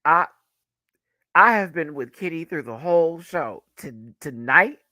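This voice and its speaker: Campy man with a lively, swooping voice. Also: unhurried, dry recording, clean studio sound. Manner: animated, campy, laughs often, swoops high and low. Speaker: YouTube reviewer. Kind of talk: live review chat.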